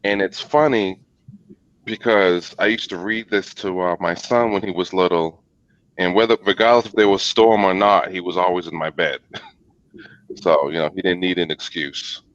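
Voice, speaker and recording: Lively guy reading a kids book on a video call, dry, muffled sound. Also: deep voice, normal speed, dry recording. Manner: animated and laughing. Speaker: guest reader. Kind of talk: live storybook reading. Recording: dull lo-fi video call audio.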